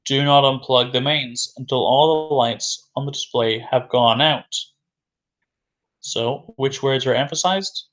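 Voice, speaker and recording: A man's voice: mid-range voice, measured pace, a bit bright. A man teaching an English vocabulary lesson who repeats key words and asks questions before answering them himself.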